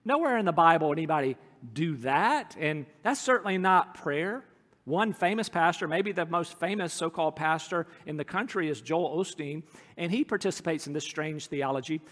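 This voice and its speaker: A man preaching an expository sermon, reading a psalm and explaining it in an earnest way, slowing down to linger on key phrases. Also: on the high side, animated, fairly bright tone, long reverb tail. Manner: earnest, slows down to dwell on phrases. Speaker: pastor.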